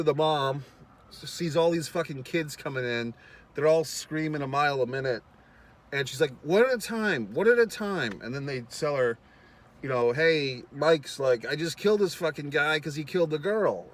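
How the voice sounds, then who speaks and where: A man casually recapping a movie in a rambling, profane way, with lots of fillers and quick acted-out lines. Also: medium pitch. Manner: acts out characters' lines in quick voices. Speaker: film reviewer.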